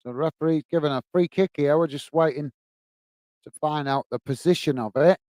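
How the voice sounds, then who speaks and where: A man hosting a football watch-along, commentating on the match and chatting warmly with viewers in the chat. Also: fairly high pitch, fairly quick, no room sound. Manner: chatty, says "mate" a lot, reads chat messages aloud.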